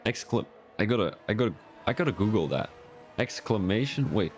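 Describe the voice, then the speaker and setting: Fast and lively, this man's voice sits on the low side and sounds a little mellow, with slight background noise. He rambles through sim racing league commentary on a live stream, chatting with viewers and poking fun at himself.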